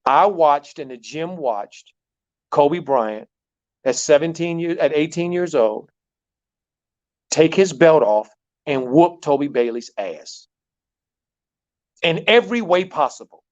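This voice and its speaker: A man, a basketball coach, telling a long story in an animated way, repeating words and using many fillers. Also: fairly high pitch, slow pace, pauses often. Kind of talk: storytelling in a talk show. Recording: dull lo-fi sound.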